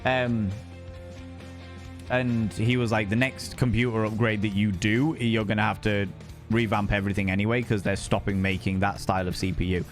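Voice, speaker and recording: A man's voice: fairly low pitch, level tone, normal speed, faint music behind. A young man with a Northern English Hull accent, chatting casually with his live chat as a streamer, joking and swearing freely. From England. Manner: swears freely, jokey, slips into other accents.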